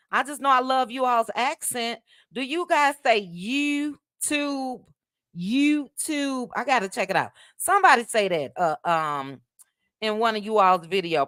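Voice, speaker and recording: A woman's voice: mid-range voice, fairly bright tone, no echo, clean studio sound. A woman with a Midwestern accent hosting a casual livestream, chatting, reading viewer comments and thanking them by name, with frequent "child" asides. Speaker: livestream host.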